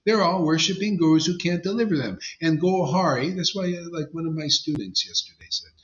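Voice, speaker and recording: A man's voice: on the high side, fairly quick, dull audio. A man giving an informal devotional sermon as a spiritual teacher, blunt and emphatic, with slangy asides.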